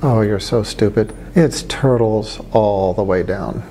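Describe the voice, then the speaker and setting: A man voicing a dismissive old woman in a joke he retells, in close to his own mellow voice. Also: on the low side, measured pace, slight background noise. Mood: scolding. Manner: dismissive, scolding. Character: scolding know-it-all old woman in a joke.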